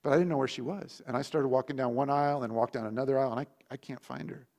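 A man preaching, telling a childhood story in a lively storytelling manner with big swings in loudness. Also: mid-range voice, very fast. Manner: animated storytelling with lively shifts in volume. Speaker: pastor. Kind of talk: sermon storytelling.

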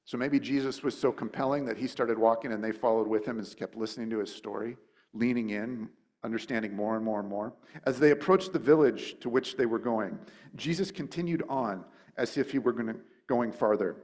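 A man preaching, mid-pitched, chatty and informal. He thinks aloud as he teaches, circling back with restarts and fillers. Now and then he jumps into lively character voices for quotes. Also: fairly quick. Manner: acts out quotes with sudden high, animated voices. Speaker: pastor. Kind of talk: conversational sermon.

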